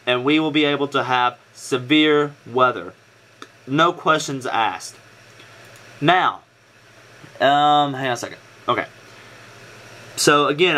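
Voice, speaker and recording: A man's voice: a little high, bright, forceful tone. A young man, an amateur weather vlogger, gives viewers an earnest, casual briefing on a coming storm threat. He fills his talk with "um" and repeats points for emphasis.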